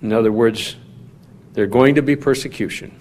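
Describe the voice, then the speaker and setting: A man preaching a sermon in a measured, teaching manner, putting questions to his listeners. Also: medium pitch, darkish tone. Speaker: pastor.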